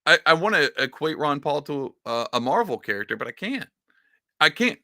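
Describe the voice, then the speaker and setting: A man hosting a podcast, giving casual political commentary in an excitable, sarcastic rant whose pitch swings up and down. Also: normal speed, no room sound, clean studio sound. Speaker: podcast host.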